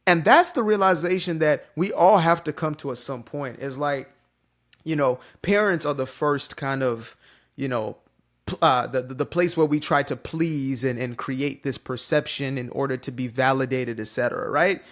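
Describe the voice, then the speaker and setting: A man's voice: mid-range voice, normal speed, fairly bright tone. A man giving an unscripted, motivational talk to his camera, joking and swearing casually as a content creator. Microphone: facing a ring light on camera.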